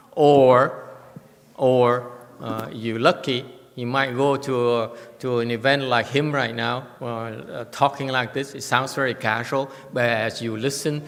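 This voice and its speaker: Halting man teaching in a reverberant hall. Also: mid-range voice, fairly bright tone. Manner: halting, repetitive, many restarts. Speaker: meditation teacher. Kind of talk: informal dharma talk with questions. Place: meditation hall.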